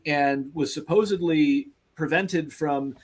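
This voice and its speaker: A man joining a casual podcast chat, tripping over his first words and then wryly quibbling. His voice sits a touch above average in pitch. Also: slow, slight background noise. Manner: stumbling starts, wry quibbling.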